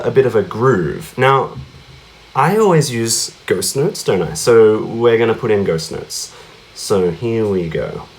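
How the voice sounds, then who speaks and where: A man teaching cajon rhythms in a casual lesson, often checking in with questions like "yeah?" and "right?". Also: mid-range voice. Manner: chatty, asks many tag questions like yeah and right; counts out beats and vocalizes drum sounds.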